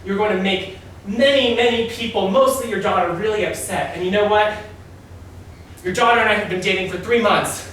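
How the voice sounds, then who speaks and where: A man's voice: sits high, a bit bright, a little hiss or hum. A man doing a nervous office underling. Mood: earnest. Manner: halting, then bold confessional. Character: nervous earnest young male office worker. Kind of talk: live one-man improv. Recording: echoey stage from far off.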